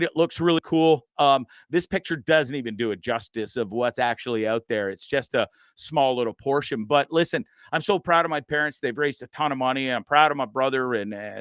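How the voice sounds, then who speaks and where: A man's voice: mid-range voice, a bit bright, clean tone, no echo. A man hosting a casual live stream, rambling and chatty, reading comments aloud and swearing. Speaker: live-stream show host.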